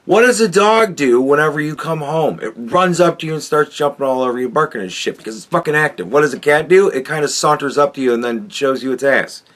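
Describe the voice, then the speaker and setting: A man's voice: a little high, lively intonation, brisk, few pauses, fairly bright tone. Swearing man ranting on a podcast. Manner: crude, heavy swearing, mocking. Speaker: podcast host reacting to a clip. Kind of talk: profane ranting commentary.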